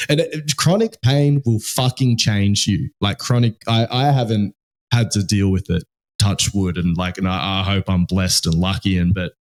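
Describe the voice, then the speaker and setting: An Australian man co-hosting a podcast in loose, casual chat, swearing freely and full of fillers and restarts. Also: on the low side. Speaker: podcast co-host.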